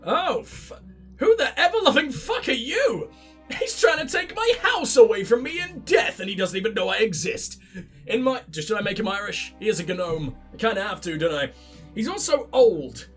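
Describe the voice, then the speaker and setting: High-voiced, sweary let's play host. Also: male voice, normal speed, faint music behind. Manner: sweary, sarcastic, excitable. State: sick, stuffy-nosed. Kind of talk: gameplay commentary.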